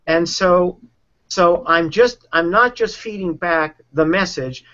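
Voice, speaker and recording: A man's voice: high-pitched, takes it slowly, bright, forceful tone. A man coaching, earnestly explaining a technique and acting out quoted speech in a conversation. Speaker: relationship and sales coach. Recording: dull lo-fi sound.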